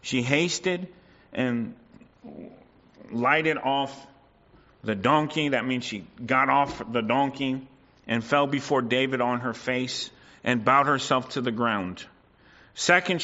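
A man delivering a sermon with a bright, forceful voice, often turning to the congregation for agreement. He acts out quoted voices along the way. The recording sounds dull and lo-fi. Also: mid-range voice, slow pace. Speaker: preacher.

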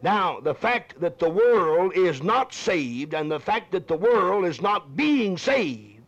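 A man preaching a fiery old-time sermon, repeating phrases for emphasis and swinging between loud cries and hushed lines. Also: high voice, sing-song, slow. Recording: dull lo-fi archival sermon recording.

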